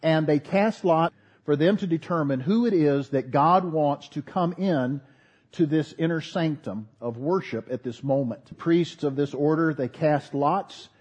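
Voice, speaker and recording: A pastor preaching a sermon, earnest with folksy asides. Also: male voice, on the high side, darkish tone.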